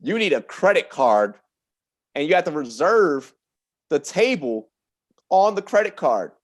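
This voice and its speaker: A man telling a long story on a podcast in a loose, profane, animated way, often laughing through it. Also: a little high, measured pace. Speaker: podcast guest. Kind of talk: casual storytelling.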